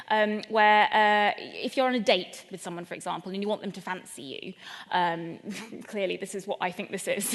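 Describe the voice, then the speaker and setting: A woman's voice: mid-range voice, in a large hall. A woman from England doing a stand-up comedy talk, chatty, playful and self-deprecating, speaking straight to a live audience. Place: event venue in front of a live audience.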